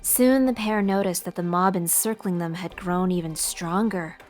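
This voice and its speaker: A woman reading a visual novel aloud as the narrator, telling it in a steady, expressive way. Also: on the low side, normal speed, soft background music. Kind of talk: dramatic narration read aloud.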